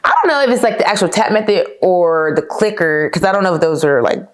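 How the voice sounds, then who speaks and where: A woman's voice: fairly low pitch, lively intonation, fast talker. A young woman, hosting a podcast and telling her own story in a candid, chatty way, calling her listeners "y'all.". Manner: laughs now and then, frequent fillers like "like". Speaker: podcast host. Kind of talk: casual personal storytelling.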